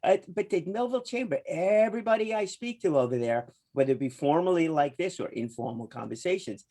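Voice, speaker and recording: A man's voice: on the high side, expressive, a little fast, dark tone. A man hosting an interview show, talking in a chatty, rambling way and laughing easily. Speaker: podcast host.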